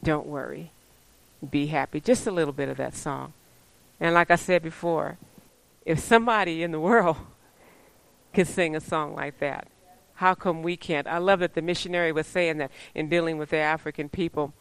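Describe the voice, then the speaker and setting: A woman preaching a sermon, animated and often laughing, who slips into playful high voices when she quotes people. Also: moderate pace, creaky, clean tone, low-quality recording.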